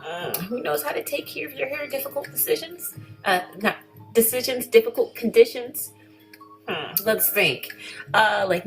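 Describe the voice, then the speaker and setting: A woman's voice: on the low side, poor audio. A woman chatting casually in a vlog, rambling and correcting herself as she reads through things. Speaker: vlogger.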